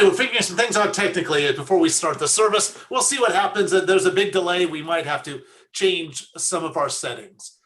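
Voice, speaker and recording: Bright-voiced, high-pitched rabbi on a video call. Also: male voice. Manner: chatty, jokey, tells corny puns. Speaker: rabbi leading a service. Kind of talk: casual online service hosting.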